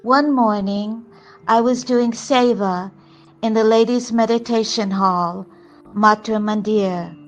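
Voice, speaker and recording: An older woman recounts a spiritual memory in a slow, earnest way. Her voice sits slightly high and unhurried. Quiet music plays faintly behind her. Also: steady tone. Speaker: spiritual storyteller. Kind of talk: reflective personal testimony.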